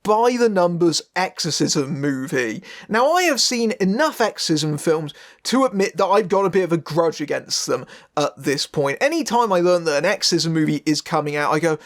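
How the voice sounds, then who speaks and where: A man's voice: a little high, animated, moderate pace. A man narrating a scripted film review in a sardonic, wry way.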